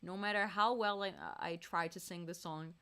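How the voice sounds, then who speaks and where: A woman's voice: on the low side, steady tone, normal speed, fairly bright tone, clean tone. A woman singer chatting casually on a live stream, laughing and reading out viewers' messages between songs.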